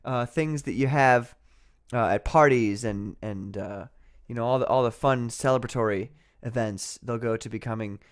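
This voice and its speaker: A man hosting a casual livestream. He talks in a rambling, sarcastic way with frequent laughs, at a mid pitch for a man. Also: moderate pace, few pauses. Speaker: livestream host.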